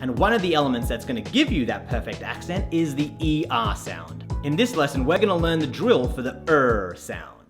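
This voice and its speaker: A man's voice: on the high side, sing-song, normal speed, few pauses, over music. An Australian man teaching an accent lesson, demonstrating sounds through repeated drills. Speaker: accent coach.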